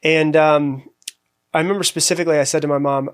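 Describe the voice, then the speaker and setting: A man's voice: on the high side, fairly even intonation, brisk, clean tone. A man, a podcast guest, telling his own story candidly and reflectively, with many fillers and restarts.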